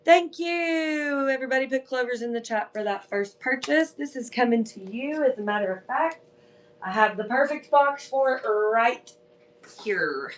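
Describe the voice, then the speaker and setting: A woman's voice: high-pitched, normal speed, a little hiss or hum. A woman hosting a live online sale, chatting casually and telling stories full of fillers like "like" and "um.". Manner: chatty, animated storytelling with filler words. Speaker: live-selling host. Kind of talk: casual livestream chat.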